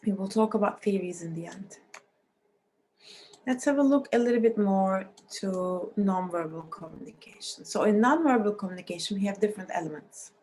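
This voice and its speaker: Woman lecturer with a scratchy, mellow voice. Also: medium pitch, moderate pace. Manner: explanatory, with frequent restarts and non-native phrasing. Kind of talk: recorded university lecture.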